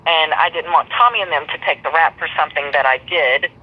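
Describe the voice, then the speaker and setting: A woman's voice: low-pitched, a little fast, breathy edge, lo-fi sound. A woman guest in a live stream interview, telling a long story in a blunt, profane, rambling way.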